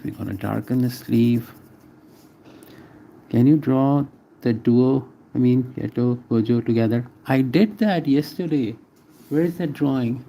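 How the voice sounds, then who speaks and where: An artist streams a live drawing session, casually narrating each stroke and talking with viewers between strokes. His mid-range voice is mellow with vocal fry, and a little hiss or hum can be heard.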